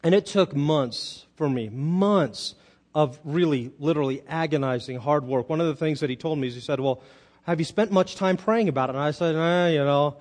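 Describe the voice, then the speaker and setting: High-voiced man preaching a sermon. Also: normal speed. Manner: storytelling, builds to loud emphatic peaks. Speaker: pastor.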